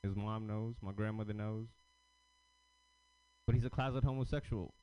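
A man's voice: fairly low pitch, fairly even intonation, normal speed, mellow, clean tone. A man doing a loose, rambling, self-deprecating stand-up set at an open mic. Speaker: stand-up comedian. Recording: lo-fi live club recording.

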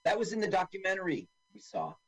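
A man's voice: high-pitched, fast, breathy edge, rough recording. A man co-hosting a radio talk show, chatting casually and joking while narrating what is on screen. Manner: animated, jokey, narrates on-screen action. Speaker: podcast co-host. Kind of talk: casual chat watching a film.

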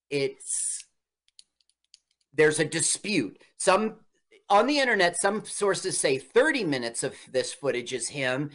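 Man, casual co-host, animated delivery, film trivia talker, clowns with silly accents. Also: on the high side. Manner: lively, puts on old-timey voices for characters. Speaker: podcast co-host. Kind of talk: casual movie commentary chat.

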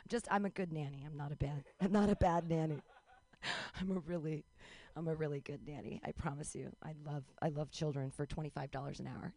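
A young woman doing a rambling, self-mocking stand-up set at an outdoor show, breaking into high-pitched mock panic. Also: animated, normal speed, dry recording. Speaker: stand-up comedian.

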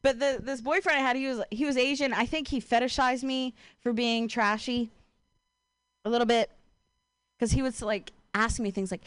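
A woman's voice: on the high side, steady tone, normal speed, clear, resonant tone, no echo. A young woman from Ohio doing a stand-up comedy set, casual and profane, full of "like" and "you know", self-deprecating. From Ohio, USA.

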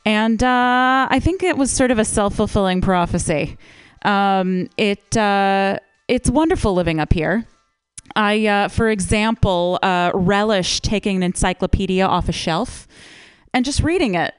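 A woman mocks her own bookish upbringing in a comic monologue and stops often on fillers. Her voice is very smooth and crisp. It sounds dry and close. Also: mid-range voice, unhurried, no echo. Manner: self-deprecating, hesitant fillers. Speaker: improv comedy performer.

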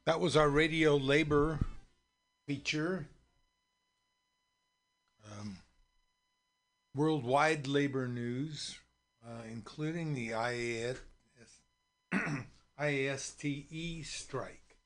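A man hosting a live radio show casually, halting with fillers as he goes. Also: fairly high pitch, a bit bright.

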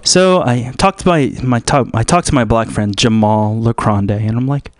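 A man's voice: medium pitch, moderate pace, few pauses, no echo, clean studio sound. A young man hosting a radio show, rambling through a comedic monologue with many restarts. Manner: meandering, restarts a lot, switches into put-on voices.

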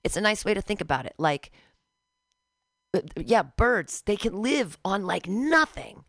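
A woman in her forties co-hosting a casual radio talk show, sardonic and quick to leap into high mocking tones. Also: big pitch swings, fairly bright tone, no echo, studio quality. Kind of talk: casual chat.

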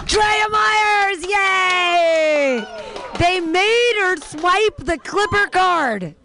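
A woman hosting a comedy night with a high voice that swings widely in pitch. She talks slowly, joking and exclaiming to the audience between acts. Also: animated, crowd noise. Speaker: show host introducing comedians. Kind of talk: live comedy show hosting.

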